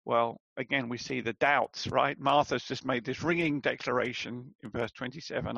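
A man's voice: medium pitch, fairly even intonation, normal speed, vocal fry, few pauses, a bit bright, no echo, poor audio. A man preaching a sermon in a conversational way, asking rhetorical questions and calling his listeners friends.

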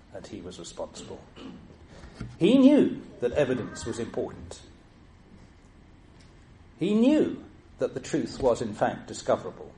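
An older man, a former judge giving a lecture full of anecdotes, in a dry, measured way with self-mocking wit. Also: on the low side, dark tone, a little hiss or hum.

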